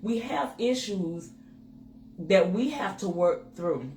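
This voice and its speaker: A woman talks candidly to viewers alongside her husband and tells her stories with animation, acting out her own thoughts in sudden bursts. Her voice sits mid-pitch. The room rings noticeably and a faint hiss sits underneath. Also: slow. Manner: animated storytelling, acts out her own inner voice. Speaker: co-host. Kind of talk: candid couple's chat to viewers. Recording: roomy with faint noise.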